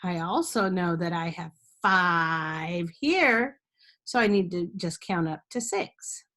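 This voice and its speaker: A woman's voice: lowish voice, animated, slow pace, fairly bright tone. A woman teaching a step-by-step math lesson to young children, patient, with sing-song chants and frequent check-ins.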